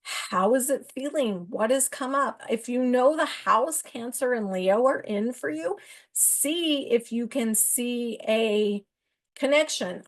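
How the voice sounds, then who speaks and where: Chatty woman host, a touch high. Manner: chatty, rambling, self-interrupting. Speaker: astrology podcast host. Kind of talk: casual talk to viewers.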